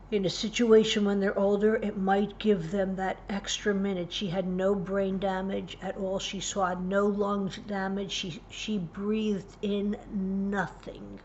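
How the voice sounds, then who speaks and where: A woman's voice: highs cut off, slight background noise. Woman earnestly retelling a frightening story. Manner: earnest, vivid retelling with hushed low passages. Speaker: parenting tips host. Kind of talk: personal story told to camera.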